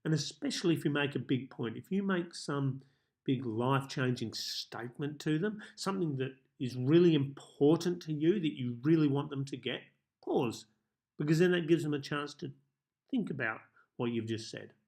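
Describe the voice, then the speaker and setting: A man coaching viewers in a self-help tips monologue, speaking calmly and measuredly with deliberate pauses. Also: fairly high pitch. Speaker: life coach.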